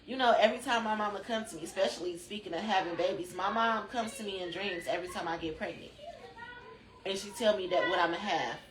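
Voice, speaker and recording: A woman's voice: medium pitch, quick pace, roomy sound, background noise. A woman hosting a rambling spiritual chat, drowsy, chatty and loosely profane, talking from a room at home. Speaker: spiritual channel host.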